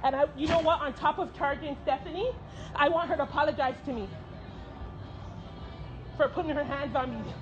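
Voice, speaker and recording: A woman filming herself in a clothing store on her phone, indignant, loud and swearing, close to tears as she argues with staff. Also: high-pitched, a little fast, long pauses, highs cut off, music in the background. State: tearful, near crying. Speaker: shopper confronting store staff. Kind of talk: self-filmed confrontation. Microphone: phone camera held by speaker.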